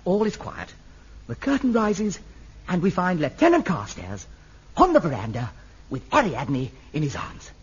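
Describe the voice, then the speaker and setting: A fussy, theatrical man with a husky, high voice that rises and falls a lot. He coaxes and fusses. The sound is dull and lo-fi, like an old television soundtrack. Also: wildly swooping pitch, a little slow. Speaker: theatre director in a sitcom scene. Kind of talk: sitcom acting.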